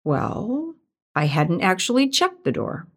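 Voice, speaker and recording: A woman's voice: medium pitch, sing-song, slow, heavily acted. A woman reading aloud and voicing a stern, bossy older church housekeeper who speaks in an accusing, disdainful way.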